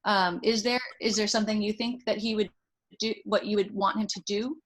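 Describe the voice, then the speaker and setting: A woman's voice: mid-range voice, fairly even intonation, fairly quick, low-quality recording. A woman psychologist talks a parent through a problem in a careful, coaching manner. Her voice sits in an ordinary middle register as she chooses her words with care. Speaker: child psychologist advising a parent. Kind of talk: supportive advice.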